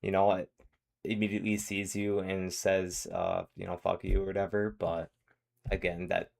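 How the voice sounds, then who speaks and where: A man's voice: deep voice, flat delivery, normal speed, vocal fry. A man giving casual reaction commentary, rambling with frequent fillers and restarts.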